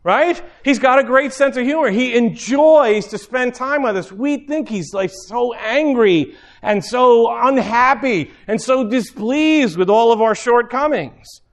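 A man preaching a sermon in a loose, conversational way, with quick asides and repeated phrases. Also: extremely high pitch, expressive.

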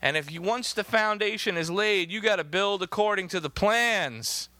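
Bright, high-voiced man preaching a sermon. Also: moderate pace, no room sound. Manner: emphatic, reads scripture in old-fashioned wording.

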